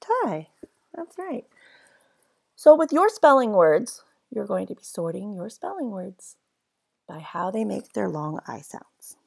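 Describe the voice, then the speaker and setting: A woman's voice: medium pitch, very animated, takes it slowly, gravelly, darkish tone, slightly rough. A woman teaching a phonics lesson to young children, spelling words out letter by letter in an encouraging way.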